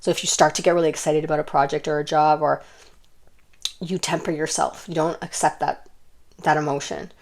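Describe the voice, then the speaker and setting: A young woman giving an intuitive pick-a-card reading, gentle and rambling with many fillers and restarts. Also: low-pitched, flat delivery, a little fast, vocal fry. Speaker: tarot card reader.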